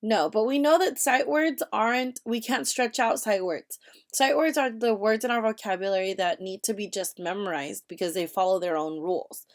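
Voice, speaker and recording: A woman teacher giving a reading lesson to young children, speaking slowly and clearly and asking the class questions. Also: mid-range voice. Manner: slow, clear classroom delivery with questions to students.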